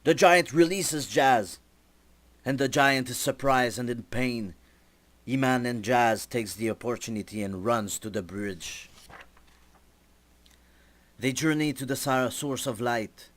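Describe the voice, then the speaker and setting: A young man, a student, narrating his storyboard story deliberately with small slips. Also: mid-range voice. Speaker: student presenter.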